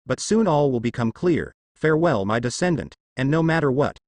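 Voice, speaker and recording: A man's voice: medium pitch, lively intonation, fairly quick, darkish tone, no room sound, close to an everyday voice. A man voicing a solemn, fatherly ancient sage in a storybook reading.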